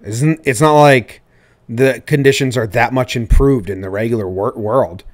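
A man's voice: mid-range voice, normal speed. A man co-hosting a casual baseball podcast, loose and profane, joking with his partner. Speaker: podcast co-host. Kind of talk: casual sports chat.

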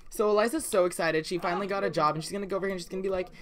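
A woman's voice: medium pitch, fairly even intonation, rapid-fire. Chatty woman gaming host. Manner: chatty, many fillers, giggly. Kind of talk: casual let's play commentary.

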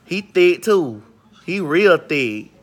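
A middle-aged woman hosting a casual gossip chat, sassy and flamboyant with long drawn-out exclamations. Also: lowish voice, big pitch swings. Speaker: vlog host.

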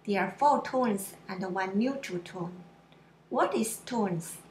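A woman teaching pronunciation in a slow lesson, drawing out syllables and explaining them simply. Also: mid-range voice, echoey room, slight background noise. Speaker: Mandarin teacher.

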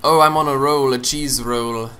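A young man giving casual gaming commentary, joking, swearing and punning, with sudden loud outbursts. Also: medium pitch, fairly even intonation, normal speed. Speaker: let's play gamer. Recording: game music behind the voice. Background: game music.

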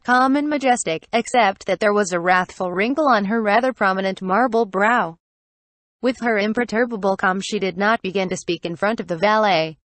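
Woman narrating a classic novel, steady and even. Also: mid-range voice, no echo. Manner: even, steady reading that speaks the punctuation aloud. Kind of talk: audiobook narration.

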